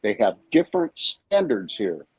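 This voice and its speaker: A man's voice: lowish voice, very animated, unhurried, darkish tone, breathy edge, no echo, low-quality recording. A man co-hosting a live stream, ranting in a brash, profane, confrontational way. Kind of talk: heated live-stream rant.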